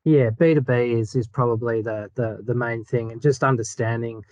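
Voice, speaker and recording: Australian man, halting guest. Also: medium pitch, steady tone, a little mellow, dry recording, muffled recording. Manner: hesitant, with many fillers. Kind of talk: casual interview answers. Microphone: video call.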